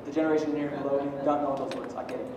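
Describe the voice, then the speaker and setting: A man in his thirties preaching a sermon, swinging from loud, emphatic peaks down to quiet joking asides. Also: fairly high pitch, steady tone, rapid-fire, background noise. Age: 30s. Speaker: pastor. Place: church hall. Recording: echoey hall from far off.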